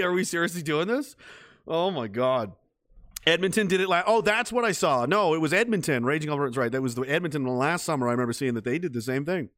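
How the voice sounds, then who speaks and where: A man's voice: on the high side, a bit bright, no echo, studio quality. Wry, profane man ranting on a stream. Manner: swears freely, jumps from mocking rants to quick chat replies. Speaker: livestream host reading chat. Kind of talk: casual profane commentary.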